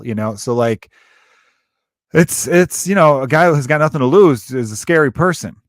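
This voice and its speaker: A podcast host delivers a casual comedic monologue full of rambling stories and plenty of swearing, animated and profane. His voice is mid-range, recorded in studio quality with no room sound.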